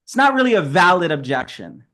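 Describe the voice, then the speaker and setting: A man's voice: high voice, big pitch swings, a little fast, sharp tone. A man giving a casual, upbeat sales training talk on a video call, chatty and laughing often.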